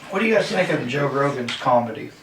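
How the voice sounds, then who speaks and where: A man co-hosting a podcast in a loose, relaxed way, laughing easily as he retells jokes. He sits back from the microphone, so his mid-pitched voice carries a roomy echo and a faint hiss underneath. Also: fast, far from the mic. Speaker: podcast co-host. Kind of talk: casual chat. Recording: echoey room, away from the mic.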